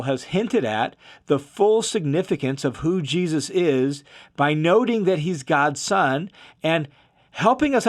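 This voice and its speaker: A man gives a verse-by-verse Bible commentary, explaining each point in a relaxed, chatty way. His voice sits a little high for a man. He checks in with listeners through casual asides like "right?". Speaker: Bible teacher.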